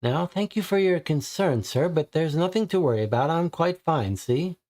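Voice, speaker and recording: A woman's voice: low-pitched, expressive, moderate pace, a little mellow, voice pushed up. A man voicing a disheveled, secretive housewife who answers flustered and evasive, over-politely brushing off questions.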